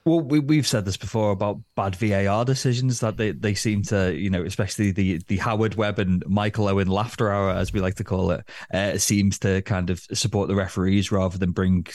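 A man's voice: deep voice, steady tone, fairly quick, hardly any pauses, a little mellow, dry recording, clean studio sound. A man co-hosting a football podcast, chatting casually and rambling with lots of fillers and hedges. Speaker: podcast co-host.

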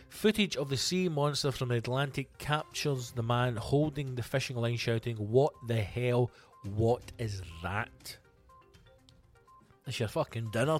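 A man hosting a comedy podcast, reading odd news stories aloud with sweary, sarcastic asides. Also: mid-range voice. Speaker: podcast host. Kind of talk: comic podcast monologue.

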